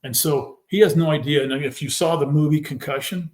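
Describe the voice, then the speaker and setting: A man telling his own story as a podcast guest, emphatic and animated, acting out what others said. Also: a little high, brisk. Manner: animated, retells scenes by quoting people; emphatic, fervent. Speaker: podcast guest, former football player. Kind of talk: personal storytelling in a conversation.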